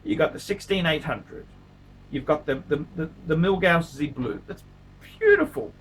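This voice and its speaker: A man's voice: fairly high pitch, moderate pace. A man with a slightly raised voice delivers a loose, unscripted vlog monologue as a watch reviewer. He hammers his points home by repeating them and drops crude jokes along the way. A faint hiss sits under his voice. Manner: emphatic and repetitive, crude jokes, pleading asides. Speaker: watch reviewer, channel host.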